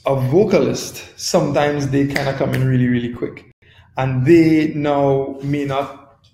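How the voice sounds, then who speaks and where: A man, a music producer giving a casual webinar lesson, relaxed and conversational, often checking in with "right?". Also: mid-range voice, vocal fry, roomy sound, poor audio. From Trinidad and Tobago. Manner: relaxed, conversational, repeats phrases and asks "right?". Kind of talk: casual instructional talk.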